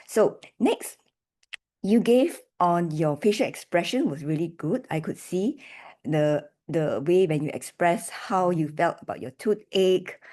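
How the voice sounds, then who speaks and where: A woman's voice: fairly low pitch, mellow. A woman on a video call evaluating a speech's delivery, coaching with encouraging checks like "right?" and "okay?". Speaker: delivery evaluator at a speaking club meeting.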